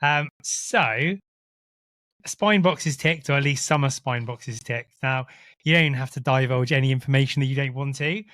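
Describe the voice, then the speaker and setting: A man's voice: medium pitch, moderate pace, fairly bright tone, no echo, clean studio sound. A man hosting a podcast, asking questions in an easygoing, encouraging way. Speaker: podcast host. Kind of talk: casual interview.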